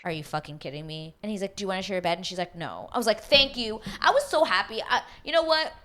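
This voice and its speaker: A woman recaps a reality dating show in a loose, gossipy chat. Her voice sits slightly low. She swears freely and drops into quick impressions of the cast as she goes. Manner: gossipy and animated, swears freely, acts out cast members' lines. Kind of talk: casual chat.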